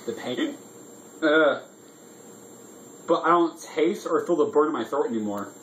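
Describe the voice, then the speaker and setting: A man's voice: a little high, expressive, measured pace, a bit bright, slight background noise, poor audio. A drunk man hosting a casual vlog, rambling loosely and swearing freely. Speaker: vlog host. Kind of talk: casual chat.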